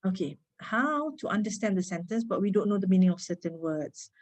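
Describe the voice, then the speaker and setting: A woman with a Malaysian English accent giving an informal reading-skills lecture, chatty, asking her listeners quick tag questions and laughing lightly between points. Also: mid-range voice, expressive, a little mellow, rough recording. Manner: chatty, code-switching, asks rhetorical tag questions. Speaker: reading workshop speaker.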